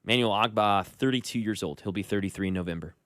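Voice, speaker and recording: A man talking sports on a radio show, quick and agreeable. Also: lowish voice, a bit bright, no room sound, studio quality. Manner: quick, agreeable, says yeah a lot. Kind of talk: casual sports talk.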